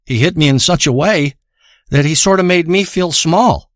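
Guy rambling through a story, swears a lot, kinda high voice, dead dry sound. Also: normal speed, a bit bright, no echo. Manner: profane, emotional, rambling.

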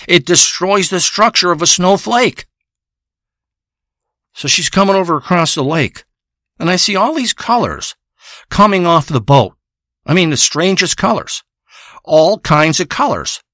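Bright-voiced man in a crude rambling monologue. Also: fairly high pitch, no echo, clean studio sound. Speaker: comedic storyteller.

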